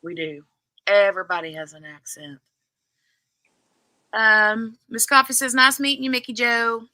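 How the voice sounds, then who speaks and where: A woman with a bright, forceful voice and a Southern US accent from near Louisville, hosting a relaxed craft livestream. She chats and reads viewer comments aloud in a close, dry recording. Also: fairly high pitch, a little slow, no room sound. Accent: Southern US (Kentuckiana). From southern Indiana near Louisville, Kentucky. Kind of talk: casual livestream chat reading comments.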